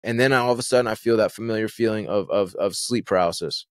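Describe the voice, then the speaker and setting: Young man, lowish voice, dry close mic, rambling storyteller. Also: fast, no echo. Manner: rambling, fillers and restarts, vivid retelling. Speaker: guest telling his story. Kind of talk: casual storytelling.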